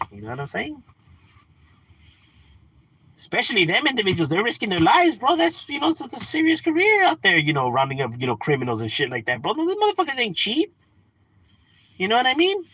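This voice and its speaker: A man's voice: high-pitched, huge pitch swings, moderate pace, long pauses, bright, forceful tone, husky, no echo. A man ranting casually on a livestream, swearing, slangy and laughing often. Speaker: livestream host.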